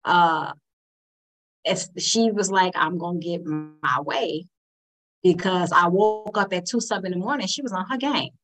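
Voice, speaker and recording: A woman joining the conversation and chatting in a relaxed way, with small laughs. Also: medium pitch, normal speed, rough recording. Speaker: group member chiming in. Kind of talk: casual conversation.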